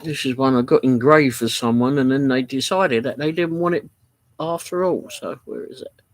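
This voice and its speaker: A man's voice: medium pitch, moderate pace, a little hiss or hum, rough recording. A man, chatting casually and rambling on a home livestream, reading out viewer comments. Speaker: livestream host. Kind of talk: casual live chat. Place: home office.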